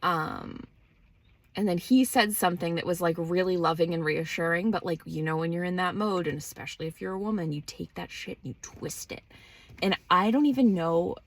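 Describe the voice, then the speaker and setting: A woman hosts a podcast and tells a personal story in a candid, foul-mouthed, casual way. Her voice sits fairly low, with a gravelly fry and a husky, breathy edge. She plays out both sides of the conversations she recounts. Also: a little fast. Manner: candid and profane, acting out quoted dialogue. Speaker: podcast host.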